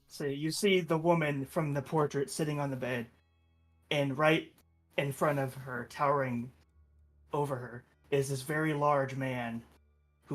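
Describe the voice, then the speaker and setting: A man narrating a tabletop game as game master, describing scenes deliberately. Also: mid-range voice.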